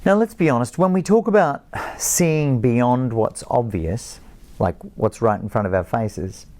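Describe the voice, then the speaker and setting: A man's voice: mid-range voice, a little slow, darkish tone. A middle-aged man giving a chapel sermon, telling the story with animation and self-deprecating asides. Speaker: college chapel speaker.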